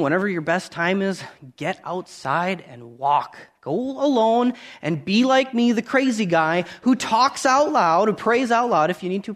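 A man in his thirties preaching a sermon, earnest and conversational, rising loud on key points and dropping to quiet asides. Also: high voice.

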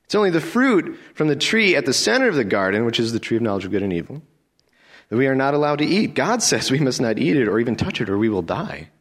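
A man's voice: mid-range voice, big pitch swings, quick pace, a bit bright, voice pushed up. A man voicing the first woman in a scripture reading, with a raised, insistent reply. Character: the first woman, earnest and defensive.

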